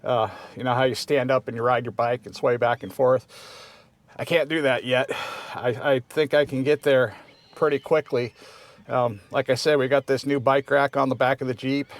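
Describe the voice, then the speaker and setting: A man's voice: mid-range voice, flat delivery, moderate pace. A man in his fifties hosting a casual vlog, talking in an easygoing, rambling way with many restarts. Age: 50s. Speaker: vlog host.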